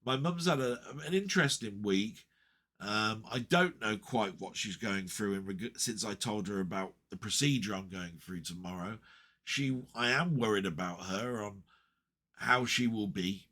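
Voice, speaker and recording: A man's voice: lowish voice, measured pace, bright, forceful tone. A middle-aged man talking casually and rambling to camera about his week, heartfelt, with many fillers and restarts. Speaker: vlogger.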